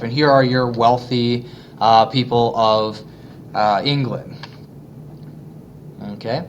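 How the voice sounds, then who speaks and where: A man teaching history in an easygoing, conversational way, peppered with filler words. His voice sits at a middle pitch. A faint background hiss runs under the recording. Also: steady tone, takes it slowly, pauses often. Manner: casual, many fillers, plays voices of colonists. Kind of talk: classroom lesson narration.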